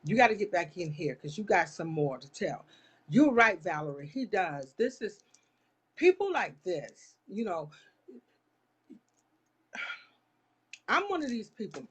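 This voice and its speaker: A woman's voice: fairly low pitch, sing-song, takes it slowly, pauses often, husky. A woman hosting a live online talk show, speaking straight to her viewers in an impassioned, churchy way. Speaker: live-stream host. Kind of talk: casual live chat.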